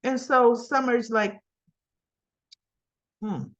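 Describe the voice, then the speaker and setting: A woman's voice: on the high side, steady tone, very slow, highs cut off. A woman casually recapping soap opera scenes, retelling them in quoted lines with chatty asides.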